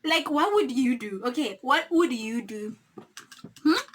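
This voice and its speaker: Bright-voiced South African woman. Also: high-pitched, unhurried, a little hiss or hum. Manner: animated, dramatic retelling with acted-out quotes and laughter. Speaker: YouTuber. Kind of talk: storytime vlog.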